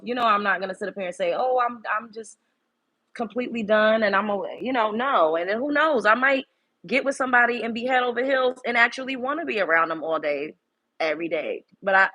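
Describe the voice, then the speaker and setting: This young livestream host from Brooklyn, New York has a mid-range voice that's bright and forceful. Casual and blunt, she swears freely, speaks candidly, and welcomes viewers by name.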